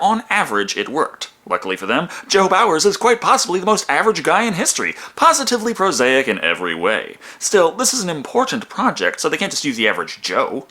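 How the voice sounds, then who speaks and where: Man, film reviewer, sarcastic, wisecracking, very animated, bright voice. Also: medium pitch. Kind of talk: comedic film review narration.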